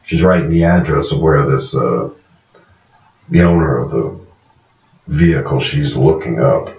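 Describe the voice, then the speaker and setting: A man's voice: extremely low pitch, measured pace, gravelly, darkish tone. A man reviewing a TV series in a casual, rambling recap, stopping now and then to correct himself on character names. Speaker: show reviewer. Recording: echoey, dull-sounding room from a distance.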